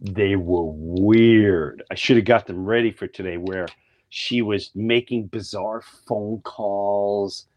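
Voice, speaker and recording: A man's voice: fairly low pitch, slow pace, darkish tone, highs cut off. A man co-hosting a casual talk show, speaking animatedly and mimicking other people's voices. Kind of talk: casual conspiracy chat.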